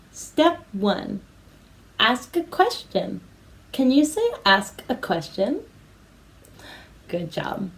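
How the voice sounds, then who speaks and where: A woman teacher at home, giving a slow English lesson for children with repeat-after-me prompts. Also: fairly high pitch, a little mellow, rough recording. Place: home apartment.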